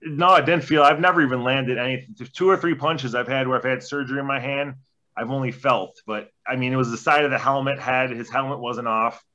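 Swearing, laid-back man with a bright voice. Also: medium pitch, steady tone, brisk. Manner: laid-back, heavy swearing, rambling anecdotes. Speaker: podcast guest, former junior hockey player. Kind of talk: casual storytelling interview. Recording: dull lo-fi podcast audio.

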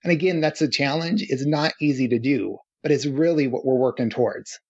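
A man's voice: medium pitch, brisk, breathy edge, muffled recording. A man speaking as a podcast guest, explaining his ideas earnestly with analogies. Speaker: podcast guest, relationship author. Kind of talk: podcast interview.

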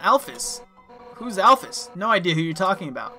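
A man voicing a loud, brash female monster police officer in a video game, shouting and tough-talking. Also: high voice, sing-song, moderate pace, soft background music, heavily acted. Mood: gruff.

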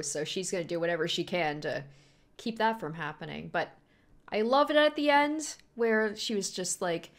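Animated woman gushing over an anime. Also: fairly low pitch. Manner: animated, gushing, laughs often. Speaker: anime reaction host. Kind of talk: casual reaction commentary.

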